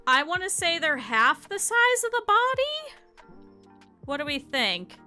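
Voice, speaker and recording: A young woman streamer with an extremely high voice swoops wildly in pitch, speaking unhurriedly in a bright, forceful tone over soft background music. She chats casually with her viewers while sketching a sewing pattern, thinking aloud and addressing the chat as she crafts.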